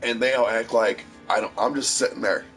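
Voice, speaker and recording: A man's voice: mid-range voice, steady tone, fairly quick, a bit bright, soft background music. A man casually telling a long story, rambling and swearing freely with a tough edge. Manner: profane, rambling, tough-talking. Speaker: streamer.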